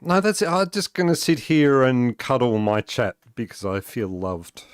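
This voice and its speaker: A man's voice: medium pitch, moderate pace, clean tone, dry recording, clean studio sound. A man chatting casually on a gaming live stream, rambling with many fillers and restarts and chuckling often as he talks. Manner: chuckles often while talking.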